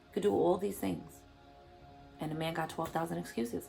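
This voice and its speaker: A woman with a low, gravelly voice gives motivational vlog commentary. She preaches with emphatic repetition. Faint music plays behind her. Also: fairly even intonation, normal speed, long pauses, mellow. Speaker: vlogger.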